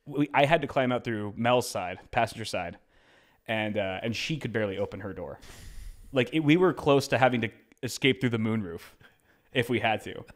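A young man on a podcast telling a story in a casual, animated way, switching into quoted voices as he goes. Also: lowish voice. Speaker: podcast co-host.

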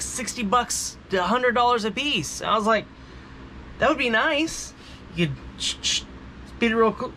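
A man hosts a casual gear review vlog in a bright, slightly high voice. He rambles and cracks self-mocking jokes as he goes. Faint ambient noise sits behind him. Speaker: channel host.

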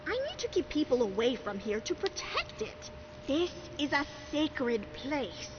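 A woman's voice: sits high, big pitch swings, unhurried. A woman voicing a shy, secretive beekeeper who works at night, speaking in a flustered, defensive way in video game dialogue. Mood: earnest. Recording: dull game audio under noise.

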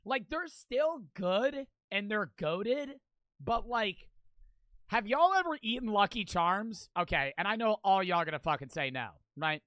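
A man's voice: sits high, lively intonation, measured pace, a bit bright, dry recording. A young man streaming, reacting in loose, profane, rambling casual commentary.

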